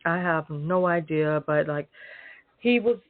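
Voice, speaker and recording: A woman's voice: deep voice, a little slow, dry recording. A woman ranting casually to her viewers, emphatic and profane, heavy on fillers. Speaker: vlogger. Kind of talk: casual rant to camera. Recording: dry tinny phone-like sound.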